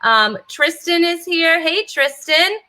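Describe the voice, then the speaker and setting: A woman's voice: very high voice, lively intonation, slow, bright, forceful tone. A woman from Massachusetts hosting a live online talk show, cheerfully greeting viewers by name in casual chat. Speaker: host.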